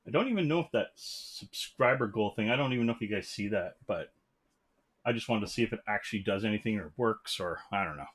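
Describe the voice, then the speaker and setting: A man's voice: lowish voice, lively intonation, fast, a bit bright, husky. A man hosting a live stream from his room, rambling casually and greeting viewers as they join. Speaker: livestream host. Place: home room. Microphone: desk mic.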